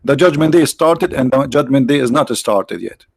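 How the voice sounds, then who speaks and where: A man's voice: mid-range voice, lively intonation, normal speed, creaky, slightly rough, no room sound. A man hosting a livestream, giving mocking, sarcastic religious debate commentary in broken English. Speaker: livestream host.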